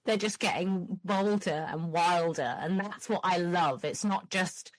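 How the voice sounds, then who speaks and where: A woman who hosts a podcast and tells stories in a casual, animated and profane way, laughing as she goes. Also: on the low side, unhurried, no room sound. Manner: animated storyteller, frequent laughs, swearing. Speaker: podcast host. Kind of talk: casual chat.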